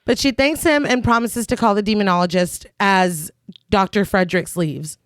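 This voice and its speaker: A woman co-hosts a horror podcast and walks through the film's plot in a loose, chatty way, breaking into laughter and the odd swear. Her voice sits at an ordinary middle pitch. The sound is dry and close, with no room around it. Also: normal speed, no room sound. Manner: laughs often, swears freely, plays out scenes. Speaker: podcast co-host recapping a film. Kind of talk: casual chat.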